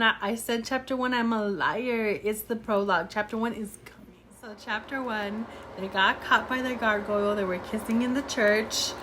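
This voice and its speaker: A woman's voice: mid-range voice, fairly bright tone, a little hiss or hum. Chatty young woman gushing about a book. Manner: chatty and gushing, many fillers. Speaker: book reviewer. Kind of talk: casual chat.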